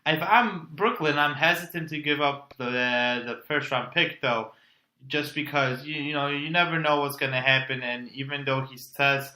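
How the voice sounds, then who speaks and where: A man's voice: on the high side, moderate pace, pushed and bright. A man co-hosting a sports podcast, weighing options aloud in a hesitant, casual debate. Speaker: podcast co-host. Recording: roomy echo.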